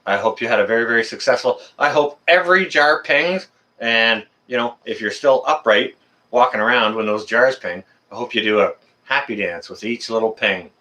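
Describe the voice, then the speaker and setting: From his apartment, a man runs a casual live stream, chatting and reading the viewers' messages aloud. His medium-pitched voice has a sharp tone and a moderate pace.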